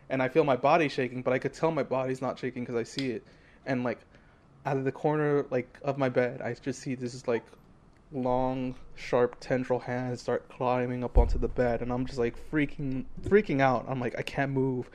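A young man co-hosting a podcast, telling a story in a loose, animated way with lots of fillers. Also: medium pitch. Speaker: podcast co-host. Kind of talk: casual chat.

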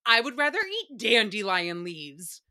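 A young woman hosts a casual solo podcast. Her voice sits a little high and sounds bright and forceful, and she tells profane stories in an animated way. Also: measured pace. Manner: profane, animated storytelling with laughs. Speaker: podcast host. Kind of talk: casual solo recap chat.

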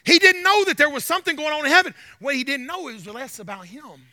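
A male pastor preaching a fervent sermon, repeating lines and rising to shouts. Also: very high voice, fast talker, no room sound. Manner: fervent, repetitive, builds to shouting.

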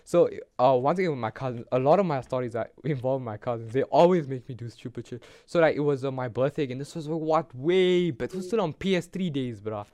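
A man's voice: mid-range voice, fast, few pauses, darkish tone, dry recording, clean studio sound. A young man with a South African accent, hosting a podcast and rambling through a story in casual slang over a video call. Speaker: podcast host. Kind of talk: casual chat.

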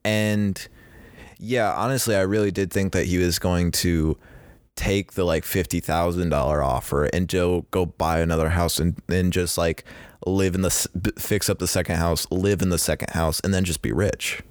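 A man's voice: deep voice, steady tone, normal speed, no echo, clean studio sound. A young man co-hosting a casual podcast chat, talkative and laughing often. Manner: chatty, laughs often, many fillers. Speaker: podcast co-host.

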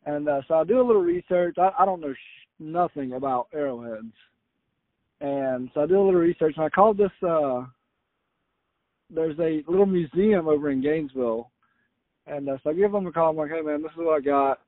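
Casual storyteller from Florida, man, slightly high voice, tinny phone-like line. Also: fairly quick, pauses often, no echo. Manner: rambling, self-correcting with frequent "uh". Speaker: guest storyteller. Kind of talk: casual anecdote.

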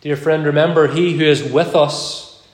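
A man's voice: on the high side, fairly even intonation. Earnest preacher man in an echoey church. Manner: measured, earnest, slows for quoted verses. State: occasional cough. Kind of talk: sermon.

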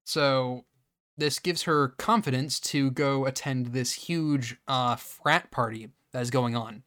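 A man co-hosting a comedy podcast who recaps a movie in casual, rambling chat and slips into quick quoted voices for its characters. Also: medium pitch, a bit bright, clean tone, no echo, studio quality. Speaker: podcast co-host.

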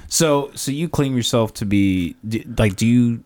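A young man hosting a podcast, asking relaxed questions full of "like" and "you know". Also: mid-range voice, unhurried. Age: young adult. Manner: relaxed, filler-heavy questions. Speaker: podcast host. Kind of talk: casual interview chat.

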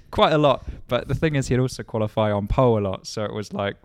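A man's voice: mid-range voice, moderate pace, no room sound, clean studio sound. A young man and racing driver co-hosting a podcast in casual, joking banter. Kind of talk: casual chat.

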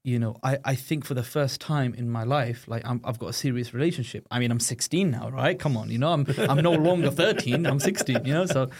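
A man's voice: medium pitch, brisk, hardly any pauses, husky. A man with a British accent, a guest telling a personal story in a chatty, conversational way. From United Kingdom. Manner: chatty, frequent "you know" and "right?" asides.

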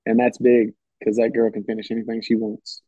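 A man's voice: fairly low pitch, monotone, fairly quick, warm tone, husky, dry recording. A man talking as a podcast guest, telling stories in a rambling, casual way and restarting his phrases often. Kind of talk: casual storytelling chat. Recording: dull, slightly muffled sound.

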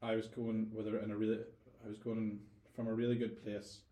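A man's voice: fairly low pitch, monotone, fairly quick, dark tone, reverberant. A man with a Northern Irish accent, a guest telling stories in a casual interview, thoughtful and often repeating words as he gathers his thoughts. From Northern Ireland.

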